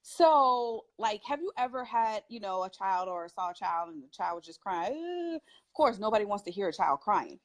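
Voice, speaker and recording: A woman's voice: mid-range voice, moderate pace. A woman who is a parent, a guest on a talk show, giving advice in an emphatic way and laughing often. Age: adult parent. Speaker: guest speaker.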